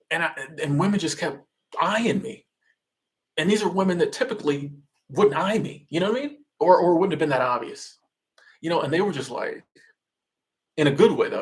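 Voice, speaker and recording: A man from Florida, hosting a casual livestream and answering chat in a loose, rambling way full of restarts. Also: mid-range voice.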